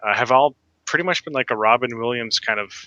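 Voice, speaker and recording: A man's voice: mid-range voice, fast, bright, forceful tone, dry recording, muffled recording. A man chatting casually with friends while playing a game, easygoing and a little hesitant, often restarting his sentences. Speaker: co-player.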